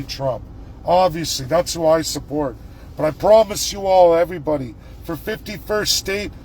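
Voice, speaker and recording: Angry high-voiced man ranting. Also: a little hiss or hum. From Alberta, Canada. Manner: angry, profane, combative. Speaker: political vlogger. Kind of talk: angry political rant to camera.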